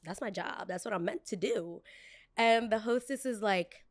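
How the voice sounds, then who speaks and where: A young woman tells a story from her job in a loose, chatty podcast style. She acts out each quoted person, jumping up in pitch and volume for the dramatic lines. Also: normal speed. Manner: animated, acts out quotes with shifting voices. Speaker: podcast host.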